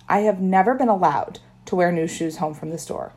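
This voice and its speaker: A woman's voice: lowish voice, fairly quick, a little mellow. A woman narrating a children's story in first person with a wry tone. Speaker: audiobook narrator.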